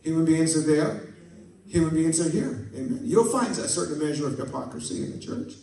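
A male pastor delivers a folksy sermon, trading jokes and little stories and asking for amens. His voice sits a bit high. He is picked up from a distance in a church with heavy echo. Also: animated, fairly quick, mellow. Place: church sanctuary. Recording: echoey church from a distant mic.

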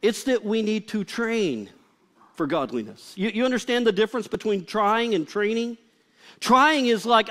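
A man's voice: high-pitched, lively intonation, normal speed, a bit bright. A male pastor preaching a live sermon in a conversational, humorous way, often saying "like". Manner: conversational and humorous, with frequent filler "like".

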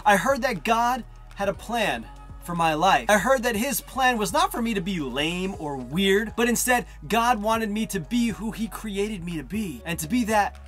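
Man, 30s, from New Jersey, high-pitched, animated storyteller giving a personal testimony over faint music. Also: moderate pace. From northern New Jersey. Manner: animated, acts out quoted voices. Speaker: testimony speaker.

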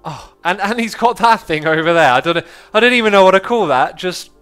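Animated cheerful man streaming a game. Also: high-pitched, fairly quick, clean tone, soft background music. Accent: British. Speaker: livestream host. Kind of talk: casual gaming livestream chat.

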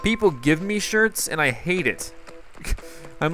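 Talking directly to his viewers, a gaming YouTuber rambles casually and chattily over gameplay. His slightly high voice is expressive and sharp, unhurried in pace, and faint music plays underneath.

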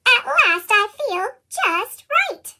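A whiny little snowman who can never get warm, as a storybook reader puts him on, his voice squeaked up by a chipmunk effect. It sits extremely high and bright, and it bounces all over the place as he complains. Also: very animated, takes it slowly, exaggerated voice. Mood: content. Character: shivering, sneezy male snowman, always cold. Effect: chipmunk-style sped-up pitch shift.

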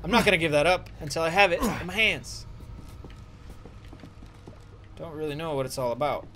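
A man hosting a casual let's-play video, playful and excitable and swearing freely as he narrates his gameplay. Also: on the high side, fast talker. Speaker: gaming video host. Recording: noisy game audio behind the voice.

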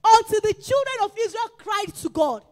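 A woman preacher delivering a sermon, emphatic and repetitive, rising to shouts. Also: very high voice, animated, normal speed, big-room sound. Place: church.

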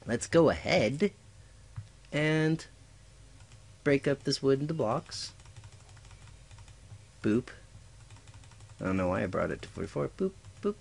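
A man's voice: medium pitch, lively intonation, takes it slowly, creaky, long pauses. A man giving casual gameplay commentary as a let's player, goofy and talking to himself with little sound effects. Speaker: let's play gamer.

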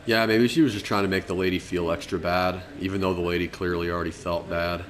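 A man's voice: low voice, fairly even intonation, fast. A young man, a podcast co-host, telling a story in loose, profane casual chat and laughing often. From Colorado.

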